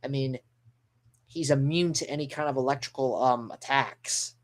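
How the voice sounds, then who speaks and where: A man giving live reaction commentary as a manga reaction streamer, excitable and rambling, with mild swearing. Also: mid-range voice, normal speed.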